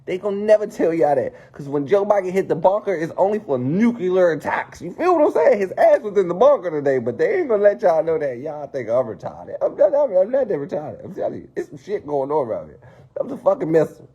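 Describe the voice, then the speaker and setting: Man, husky dark voice, wide pitch swings, profane conspiratorial rant, dull lo-fi audio. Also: big pitch swings, fast. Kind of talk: casual rant to viewers.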